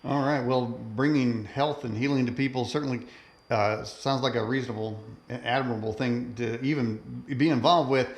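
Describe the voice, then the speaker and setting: A man's voice: mid-range voice, moderate pace, dull audio. A man hosting an interview show who chats in a folksy, self-described cowboy way. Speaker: talk show host. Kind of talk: casual interview chat.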